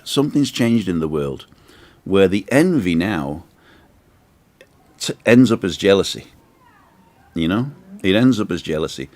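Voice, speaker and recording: A man's voice: sits low, a little mellow. A man tells a long, chatty story on his live show, wandering off into asides as he goes. He speaks casually from an outdoor balcony in the sun. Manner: chatty, rambling anecdotes with asides. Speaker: host.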